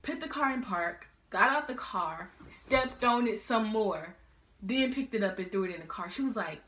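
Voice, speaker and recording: A teenage girl telling a story in a casual, slangy, animated way. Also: medium pitch, moderate pace. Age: teens. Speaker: vlogger. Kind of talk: storytime vlog. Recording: roomy echo.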